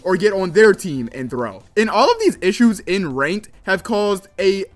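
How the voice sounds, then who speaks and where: High-voiced young man giving gaming commentary. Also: expressive, unhurried. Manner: casual, with frequent fillers like "like" and "kinda". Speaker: gaming content creator. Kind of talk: commentary video essay.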